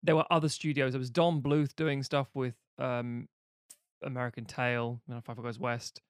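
A man's voice: medium pitch, level tone, moderate pace, clear, resonant tone, dry recording, clean studio sound. A man in his late thirties co-hosting a casual chat, rambling, swearing freely and joking at his own expense. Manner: rambling and profane, with self-deprecating jokes. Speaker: podcast co-host.

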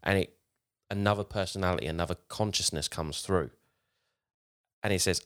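A man's voice: low voice, moderate pace, a bit bright. A man hosting a casual podcast, retelling a story with acted quotes. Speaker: podcast host.

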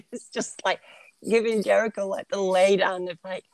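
A woman's voice: mid-range voice, fairly even intonation, a little slow, creaky, darkish tone, dry recording. A woman co-hosting a casual wrestling chat, chatty and giggly, saying "like" often. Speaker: podcast co-host.

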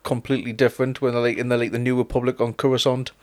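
A man co-hosting a podcast in relaxed chat, rambling a little, laughing often and swearing. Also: medium pitch, rapid-fire. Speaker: podcast co-host. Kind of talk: casual chat.

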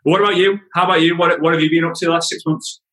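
Male guest, slightly high, earnest and emphatic. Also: fairly even intonation, racing, fairly bright tone, rough recording. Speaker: podcast guest. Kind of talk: casual interview chat.

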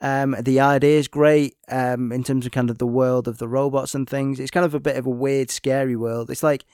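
A man reviewing films in casual chat, with animated, exasperated outbursts and many fillers. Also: medium pitch, normal speed, clean tone, dry recording, clean studio sound. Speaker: film reviewer.

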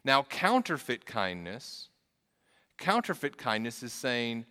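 A man's voice: mid-range voice, lively intonation, measured pace, bright, forceful tone. A man preaching a sermon as a pastor, telling a story in an earnest way with frequent restarts and repeated words. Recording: long reverb of a large hall.

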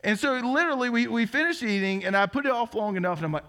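A man's voice: very high voice, lively intonation, fast, sharp tone. A man in his thirties with a Southern US twang, preaching a sermon as teaching pastor, telling stories with earnest, self-deprecating humor. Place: church sanctuary.

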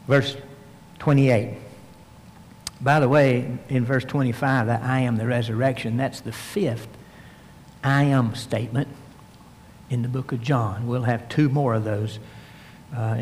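A man's voice: mid-range voice, a little mellow, slight background noise. A man preaching a verse-by-verse sermon into a microphone, reading scripture aloud and explaining it with emphasis. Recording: long hall reverb.

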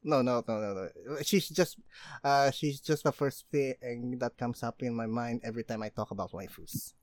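A man's voice: mid-range voice, normal speed, no room sound. A man co-hosting a casual chat, agreeable and a little hesitant, often repeating "yeah". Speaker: podcast co-host.

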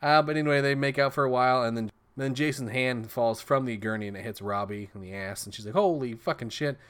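A man's voice: mid-range voice, fairly even intonation, fast, fairly bright tone, clear, resonant tone. A man casually retelling a horror movie plot, swearing often and laughing as he goes. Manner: crude, jokey, laughs while retelling scenes. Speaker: movie recap reviewer. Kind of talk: casual profane movie recap.

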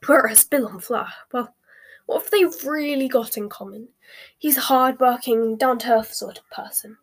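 A woman voicing a bustling, worried middle-aged mother witch who talks briskly and sharply. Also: fairly high pitch. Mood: fretting.

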